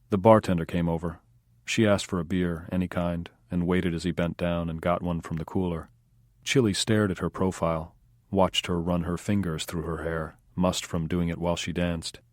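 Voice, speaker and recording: Deep-voiced male audiobook narrator. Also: level tone, moderate pace, no room sound, clean studio sound. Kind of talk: scripted narration.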